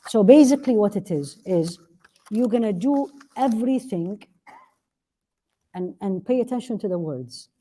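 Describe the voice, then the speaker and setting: Warm-voiced woman teaching a religious class. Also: medium pitch, animated, normal speed. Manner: earnest, asks rhetorical questions and answers them; repeats key phrases for emphasis. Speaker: Islamic teacher. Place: classroom with a live audience.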